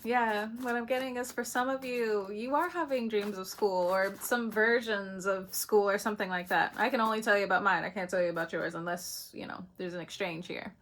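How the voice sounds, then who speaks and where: Woman, mid-pitched voice, loose and chatty for a spiritual reading, quick laughs throughout and casual swearing. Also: fairly even intonation, fairly bright tone. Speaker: astrology reader.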